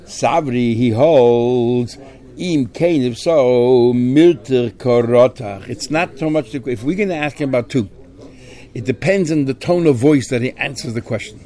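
Mellow-voiced man teaching Talmud. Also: mid-range voice, a little slow. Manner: explains step by step, weaving in Aramaic and Hebrew terms. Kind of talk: Talmud study lecture.

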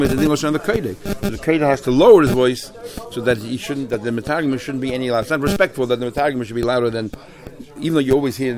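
A man leading a Talmud class, explaining texts in a loose, animated way with many restarts and Hebrew and Yiddish terms. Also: mid-range voice. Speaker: Talmud teacher.

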